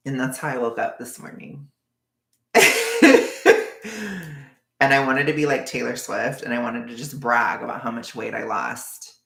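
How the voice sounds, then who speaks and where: A livestreamer in casual chat with viewers, knitting a scarf while rambling, full of "like" and quick bursts of laughter. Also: mid-range voice, steady tone, vocal fry, a bit bright, echoey room. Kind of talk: casual live-stream chat.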